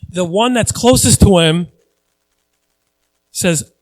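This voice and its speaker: High-voiced earnest male pastor. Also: expressive, takes it slowly, a little mellow. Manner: earnest, repeats phrases for emphasis. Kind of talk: conversational sermon.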